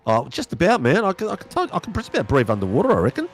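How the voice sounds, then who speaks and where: A man's voice: a little high, huge pitch swings, racing, slight background noise. A man commentating a sim racing broadcast, chatty and laughing, full of slangy banter. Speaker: race commentator.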